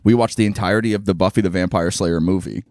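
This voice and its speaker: A man's voice: deep voice, fairly even intonation, quick pace, a little mellow, no room sound, clean studio sound. A man in his thirties, a comedian co-hosting a casual podcast chat, telling profane stories with frequent laughter. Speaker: podcast co-host and stand-up comedian.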